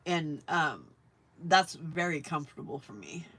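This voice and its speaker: A woman with a low-pitched, animated, slightly bright voice talks at a measured pace over slight background noise. Hosting a live crafting stream, she rambles and chats while working, laughs often, and reads and answers her viewers' live chat.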